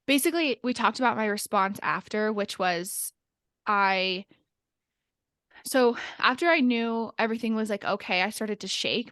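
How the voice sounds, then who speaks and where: A woman's voice: mid-range voice, a bit bright, no room sound, studio quality. A young adult woman chatting casually on a podcast, telling a story with lots of filler words and nervous laughs. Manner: laughs nervously while recounting.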